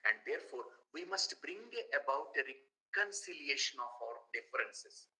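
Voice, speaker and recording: A middle-aged man with an Indian English accent giving a classroom lecture, animated, with rhetorical questions and plenty of fillers. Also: mid-range voice, moderate pace, poor audio. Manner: animated, rhetorical asides, fillers and repeated words. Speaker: guest lecturer.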